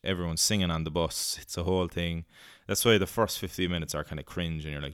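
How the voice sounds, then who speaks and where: Irish man, low and smooth, loose chatty film reviewer, close dry mic. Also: steady tone, quick pace, fairly bright tone, dry recording. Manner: rambling and chatty, with many fillers and casual swearing. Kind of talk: casual solo review chat.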